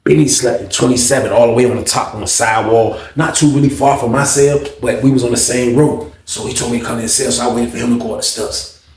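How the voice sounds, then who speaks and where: A man telling a story in a casual, animated way, with lots of slang and swearing, acting out the lines of the people in it and talking straight to his listeners. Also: medium pitch, quick pace, roomy sound, distant mic.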